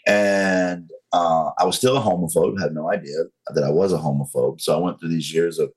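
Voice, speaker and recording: A man in his forties from North Carolina with a Southern accent, telling his story as an interview guest in a slow, controlled, frank way. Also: low voice, darkish tone, poor audio.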